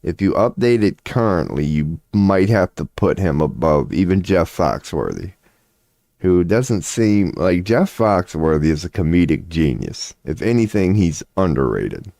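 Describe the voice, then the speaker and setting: A man streaming live, rambling excitably in a casual, profane rant about comedians. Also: deep voice, unhurried, creaky, dry recording, studio quality. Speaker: streamer offering tarot readings.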